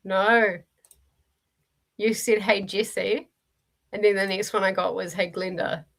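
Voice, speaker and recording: A woman's voice: medium pitch, fairly even intonation, slow pace, vocal fry, fairly bright tone. A woman with a New Zealand accent hosting a reading livestream, chatting and laughing as she reads viewer comments aloud. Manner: chatty, laughs often, restarts and fillers while reading chat aloud. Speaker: streamer hosting a reading sprint.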